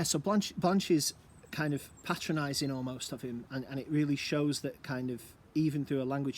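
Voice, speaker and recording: Casual male English teacher, mid pitch, chatty and musing, recorded at home with light background hiss. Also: a little mellow. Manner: chatty, musing, asks rhetorical questions. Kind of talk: recorded lesson explaining a play.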